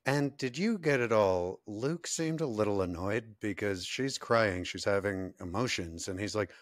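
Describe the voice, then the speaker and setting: Male podcast co-host, deep-ish voice, relaxed interviewer tone, dry close sound. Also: measured pace, hardly any pauses, no echo. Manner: easygoing, asks questions, laughs often. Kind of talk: casual recap chat.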